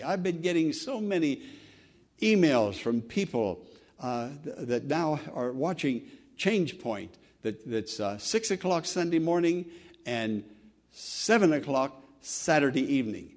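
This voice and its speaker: A man's voice: on the high side, sing-song, measured pace, darkish tone. A male pastor preaching an earnest, emphatic sermon, with frequent restarts.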